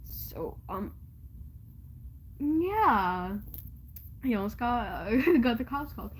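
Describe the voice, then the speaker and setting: A teenage girl casually telling childhood stories, rambling and halting with many fillers and restarts, often giggling. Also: a little high, big pitch swings, a little hiss or hum, low-quality recording. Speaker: vlogger. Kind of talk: casual storytelling.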